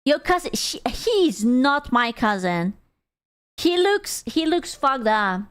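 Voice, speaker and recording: Slow-talking, teasing woman streamer. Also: a little high, big pitch swings, clean tone. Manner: blunt, teasing and playful. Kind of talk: casual live-stream chat.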